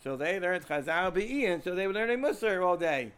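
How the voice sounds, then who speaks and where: A man's voice: sits high, animated, normal speed, fairly bright tone, smooth. A man with an American accent giving an informal Torah lecture to students, rambling, repeating words and asking the class questions. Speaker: Torah teacher.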